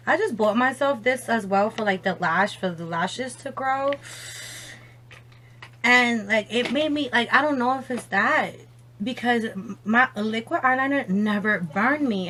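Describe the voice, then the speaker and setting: Slow-talking young woman vlogger. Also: fairly high pitch, bright, forceful tone. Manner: swears freely, laughs often, exclaims a lot. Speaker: beauty vlogger. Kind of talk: casual makeup chat on the phone.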